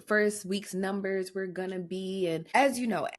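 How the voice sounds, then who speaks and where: A woman at an ordinary, mid-range pitch co-hosts a gossip podcast. She talks bluntly and curses freely. She stacks repeated words to drive her points home. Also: a little slow. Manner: blunt, profane, emphatic with repetition. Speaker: podcast co-host. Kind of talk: casual pop-culture gossip chat.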